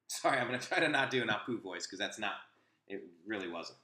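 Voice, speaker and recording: Man, talk host, casual opinion chat, rambling, restarts often, bright tone. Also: on the low side, expressive, fast, reverberant. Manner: rambling, anecdotal, frequent restarts.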